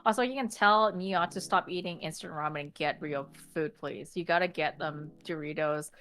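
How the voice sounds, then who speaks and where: A woman's voice: low-pitched, normal speed, soft background music. Blunt, swearing young Canadian woman. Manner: swears freely, animated and blunt. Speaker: podcast co-host. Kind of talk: casual podcast chat.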